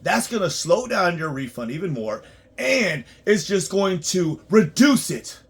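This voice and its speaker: A man working as a tax preparer, ranting bluntly and profanely in a monologue, swinging between loud outbursts and low muttering. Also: very animated, unhurried, slightly rough.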